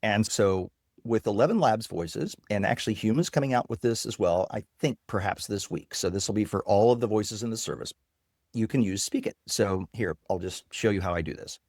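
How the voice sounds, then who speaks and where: Guy with a lowish voice excitedly demoing software on a podcast, dry close mic. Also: a little fast, dry recording. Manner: enthusiastic, explanatory. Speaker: guest technologist. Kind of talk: casual interview with screen demo.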